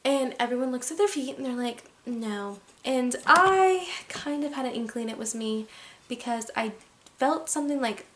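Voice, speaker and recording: A young woman vlogger tells a story in a slightly high, somewhat bright voice at a moderate pace. She's chatty and animated, dropping "like" into every sentence and playing up the drama.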